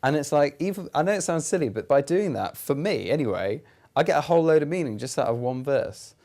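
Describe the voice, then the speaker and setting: A young British man, a youth church speaker, talks casually to camera to explain ideas in an earnest, conversational way. His voice is on the high side, animated, fairly quick and a little mellow, with fillers and restarts throughout.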